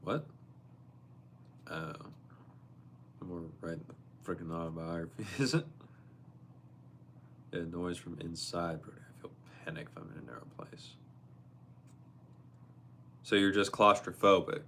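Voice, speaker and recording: A young man hosts a casual livestream, reading out viewer messages and answering them on the fly. His voice sits low, with a gravelly fry and a bright, forceful edge. A faint noise runs underneath. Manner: reads viewer messages aloud and reacts, quick and playful. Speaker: livestream host. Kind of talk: casual live-stream chat.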